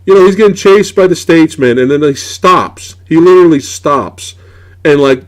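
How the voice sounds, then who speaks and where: A man's voice: fairly high pitch, expressive, normal speed. A man hosting a casual movie review chat, ranting in a profane, exasperated way. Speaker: podcast host.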